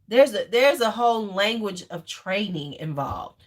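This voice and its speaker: A woman's voice: mid-range voice, lively intonation, unhurried. A middle-aged woman hosting a casual home livestream, blunt and joking, swearing freely, then cooing over a toddler. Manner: coos and fusses over a toddler. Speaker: livestream host. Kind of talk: casual live chat with viewers.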